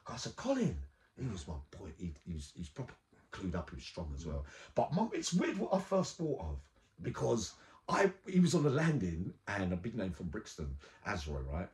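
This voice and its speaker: A man's voice: fairly low pitch, huge pitch swings, normal speed, darkish tone. A middle-aged man, hosting a casual interview, eager and interjecting often. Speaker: host.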